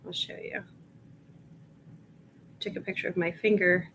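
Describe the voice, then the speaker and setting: A woman reselling items on a livestream talks in a Long Island accent, muttering and reading aloud to herself as she types in casual chat. Her fairly low, gravelly voice has a fairly bright tone and flat delivery, unhurried, with long pauses. Expect a low-quality recording with a little hiss or hum.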